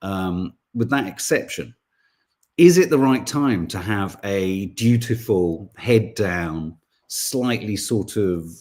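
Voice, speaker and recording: A man, hosting a podcast in casual chat and reading out viewer comments in a rambling, animated way. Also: on the low side, takes it slowly. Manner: rambling, animated, full of restarts and asides. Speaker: podcast host.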